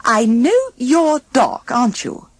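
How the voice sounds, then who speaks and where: A woman voicing a sweet, polite young princess in a high, breathy voice for a storybook reading. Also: sing-song, slow, no echo, exaggerated voice. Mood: gentle.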